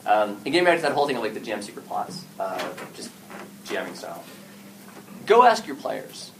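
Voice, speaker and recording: Speaking on a story games panel, a man gives a relaxed, animated, slightly fast talk, his pitch swinging widely as he plays out exchanges between players and game masters. He sounds far from the mic, with steady background noise throughout.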